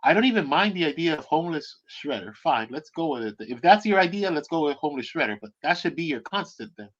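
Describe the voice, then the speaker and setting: A man co-hosting a casual review chat, giving opinions with some halting restarts. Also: on the high side, very animated, muffled recording. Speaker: co-host.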